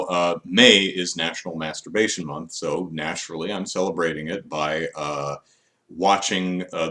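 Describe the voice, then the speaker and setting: A man's voice: low-pitched, a bit bright. A man chatting casually on a live stream, rambling and wry with many fillers. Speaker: vlogger.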